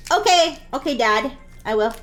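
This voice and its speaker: Chatting with her viewers while drawing on a live stream, a woman speaks at normal speed in a bright, high-pitched voice with lively intonation. Giggling frequently, she playfully slips into the role of a bratty daughter from time to time.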